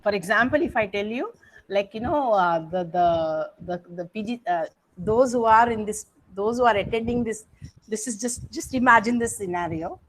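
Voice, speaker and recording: A woman's voice: mid-range voice, moderate pace, poor audio. A woman with an Indian English accent teaching English grammar in an online coaching class, coaxing students to respond, with frequent fillers and self-corrections. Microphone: video call.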